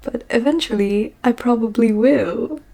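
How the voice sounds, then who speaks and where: A shy, scarred teenage girl who speaks softly and hesitantly, as a woman reads her lines aloud. The voice sits a touch higher, with a warm, gravelly grain. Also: a little slow. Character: shy scarred seventeen-year-old girl.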